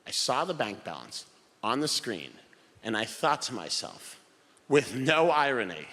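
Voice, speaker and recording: A man in his thirties doing a stand-up comedy set on a theater stage, telling animated stories and shouting punchlines in put-on voices. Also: mid-range voice, a little slow. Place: theater stage before a laughing audience. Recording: live hall reverb, faint noise.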